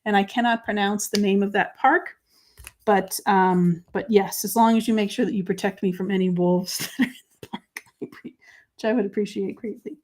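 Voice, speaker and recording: A woman's voice: medium pitch, steady tone, moderate pace. Chatty woman hosting a crafting stream. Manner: chatty, talks through each step as she works; drops to quiet murmurs while writing. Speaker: crafting show host. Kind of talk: live crafting chat, answering viewer comments.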